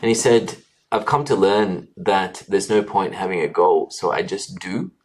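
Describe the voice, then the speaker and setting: A man in his thirties who works as a doctor is the interview guest here, and his voice is very deep. His long answer about his life is earnest, punctuated by frequent filler pauses and sentence restarts.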